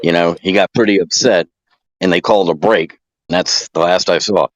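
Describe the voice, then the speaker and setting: A man's voice: deep voice, steady tone, normal speed, no room sound, dull audio. A man calling in to a casual podcast chat, laid-back and joking.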